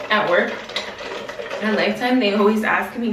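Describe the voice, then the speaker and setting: A woman's voice: medium pitch, unhurried, long pauses, noisy background. A young woman chats in casual vlog style, slangy and self-reflective. She sits a little way from the mic, and the room around her rings with echo. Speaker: vlogger. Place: gym. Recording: echoey room, mic at a distance.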